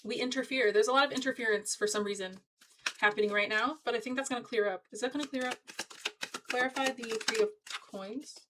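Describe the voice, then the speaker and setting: A woman's voice: on the high side, steady tone, fairly quick, background noise. A woman giving a casual tarot reading to her viewers, talking in a chatty, emphatic and encouraging way. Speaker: tarot reader.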